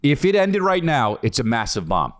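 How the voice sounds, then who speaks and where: A man's voice: medium pitch, sing-song, moderate pace, no echo. A man in his forties co-hosting a podcast, joking and teasing in casual banter on a close mic. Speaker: podcast co-host.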